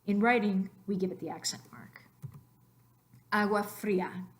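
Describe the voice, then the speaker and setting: A woman narrating a slide lesson on Spanish phonetics, explaining patiently and slowing down to stress key words. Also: medium pitch. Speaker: Spanish teacher.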